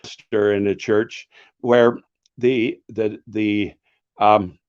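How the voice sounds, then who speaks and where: Slow-talking older man, author and pastor. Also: lowish voice, flat delivery, a little mellow, lo-fi sound. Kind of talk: answering questions in a live author session.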